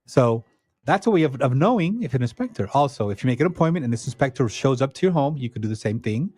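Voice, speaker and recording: A man's voice: mid-range voice, lively intonation, quick pace, darkish tone, slightly rough. A man speaking as a visiting disaster agency official in a casual radio interview, explaining things step by step and giving practical advice. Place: radio studio.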